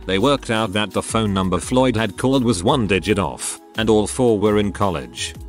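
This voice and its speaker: A man narrating online stories in a scripted, steady reading style, with occasional odd mispronunciations. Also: fairly low pitch. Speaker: narrator reading Reddit posts.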